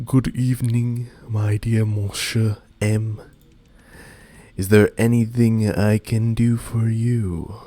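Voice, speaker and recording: Man doing a slow, stately manservant. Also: fairly low pitch, level tone, dark tone. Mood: formal. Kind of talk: reading a visual novel aloud.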